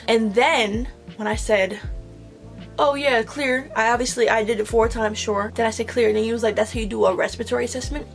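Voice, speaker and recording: Young woman venting a storytime, raspy fry in her voice, cussing a lot, quiet music behind. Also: fairly high pitch, quick pace. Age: young adult. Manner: animated retelling, swearing, slang-heavy. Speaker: vlogger. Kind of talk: storytime vlog.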